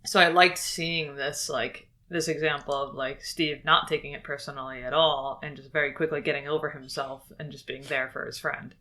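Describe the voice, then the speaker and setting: Young woman podcast co-host, low bright voice, measured and thoughtful. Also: fairly even intonation. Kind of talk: casual chat.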